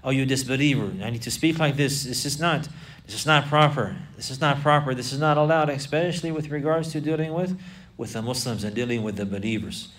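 A man's voice: mid-range voice, fairly quick, a bit bright, distant mic. A man teaching a religious class, repeating phrases and quoting Arabic texts, then explaining them. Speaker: Islamic teacher. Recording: voice from away from the mic.

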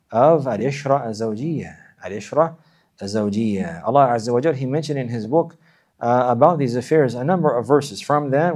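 A man's voice: mid-range voice, darkish tone. A man preaching a sermon, earnest and repetitive, often restating phrases for emphasis. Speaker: Islamic preacher.

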